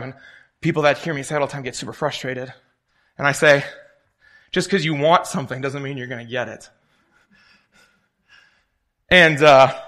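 A man's voice: fairly high pitch, fairly bright tone. A young man preaching a sermon in a conversational way, telling stories and acting out the voices of the people in them. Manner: conversational, tells stories and acts out quoted voices.

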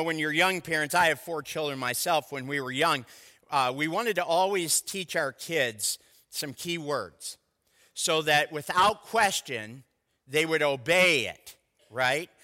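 An older man who has been a pastor for over thirty years preaches a sermon, his slightly high voice sharp in tone and measured in pace. The audio carries a big-room sound. His style is conversational and full of stories, with asides to the congregation.

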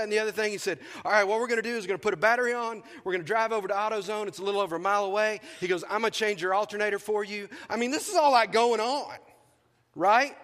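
A man delivers a storytelling sermon as a pastor, playing out the dialogue with lively energy. His voice is high and bright. The sound carries a long reverb from a church sanctuary. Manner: animated storyteller acting out dialogue.

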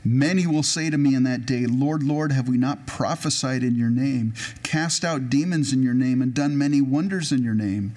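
A man's voice: mid-range voice, darkish tone. Man preaching a conversational sermon. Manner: conversational preaching with anecdotes, slows down to read scripture. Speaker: pastor.

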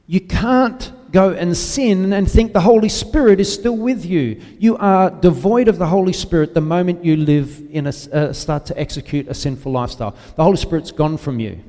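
A man's voice: high-pitched, moderate pace, few pauses, warm tone, long reverb tail. A man preaching a sermon with emphatic, repetitive phrasing, calling out to the congregation for an amen. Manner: emphatic preaching, repeats key words, asks the congregation "Amen?".

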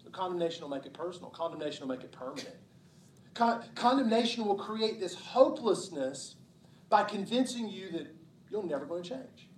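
A man's voice: high-pitched, lively intonation, brisk, echoey room, recorded from a distance, slight background noise, low-quality recording. A man preaching a sermon in a church, impassioned and repetitive, acting out people's inner voices. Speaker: pastor. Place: church sanctuary.

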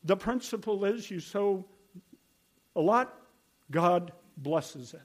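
A man's voice: sits high, animated, slow. An older man preaching a sermon, telling stories in an earnest, conversational way. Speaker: pastor.

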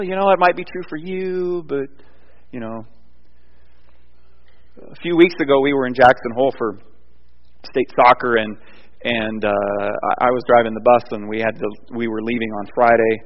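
A man preaching a sermon, moving between loud emphatic points and quiet, rambling storytelling with frequent restarts. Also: mid-range voice, normal speed. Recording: dull sound with long hall reverb.

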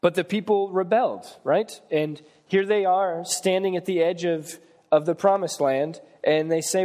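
Male preacher, slightly high voice, conversational sermon, long hall reverb. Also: fairly even intonation, moderate pace, warm tone. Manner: retells Bible stories in plain conversational terms. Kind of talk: sermon with scripture reading.

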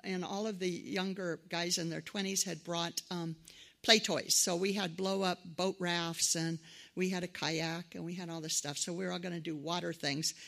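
Middle-aged female preacher, conversational sermon, gravelly tone, animated when quoting others. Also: lowish voice, normal speed. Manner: conversational, animated quoted voices. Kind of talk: sermon with personal stories.

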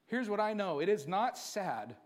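A man preaching a sermon to his church, moving from quiet storytelling to fervent, emphatic preaching. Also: sits high, very animated, moderate pace. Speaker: pastor.

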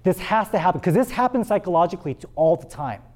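A man preaching a sermon and reading scripture aloud, with dramatic pauses and words repeated for emphasis. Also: high voice, lively intonation, a little mellow. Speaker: pastor.

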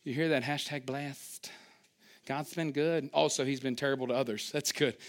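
A man preaching a sermon, animated and storytelling, who acts out little scenes with sudden high-pitched outbursts and drops into quiet asides. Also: normal speed. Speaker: pastor.

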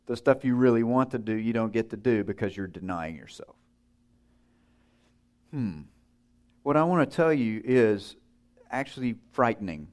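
A man's voice: mid-range voice, expressive, normal speed, long pauses, darkish tone. A man preaching a sermon in a conversational way, putting questions to his listeners and acting out the voices in a story he tells.

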